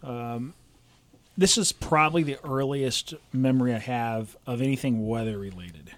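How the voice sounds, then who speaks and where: A man from Southern California, a meteorologist co-hosting a podcast, telling stories in a relaxed way with frequent chuckles. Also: mid-range voice, normal speed. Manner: laid-back storyteller, chuckles often. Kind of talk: casual podcast chat.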